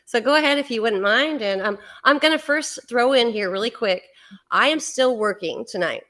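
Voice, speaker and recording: A woman hosting a live-stream talk, chatty and excited, with many fillers. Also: a little high, normal speed. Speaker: host. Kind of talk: casual live-stream chat.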